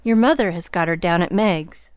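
A mischievous young man speaking with mock-serious pride, as a woman reads him aloud. Her tone stays smooth and clear, with a dry, close sound. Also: lowish voice, normal speed, no echo, natural voice. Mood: playful. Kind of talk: audiobook reading.

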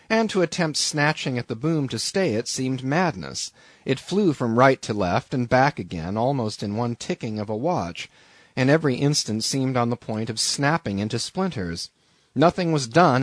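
Slow, deliberate male audiobook narrator. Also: mid-range voice, no echo. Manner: slow, deliberate, measured reading. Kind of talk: scripted narration of a classic novel.

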